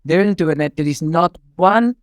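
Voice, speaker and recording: A man's voice: on the high side, a little slow, no room sound. Effusive Spanish-accented man, dry close sound. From Spain. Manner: effusive, rambling with many "you know" fillers. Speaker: artistic director and choreographer. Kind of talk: podcast interview answers.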